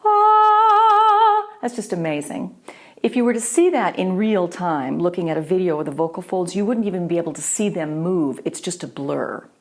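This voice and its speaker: A woman's voice: lowish voice, a little fast, dark tone. Patient woman teaching a voice lesson. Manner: clear, patient demonstrating. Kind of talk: instructional voice lesson.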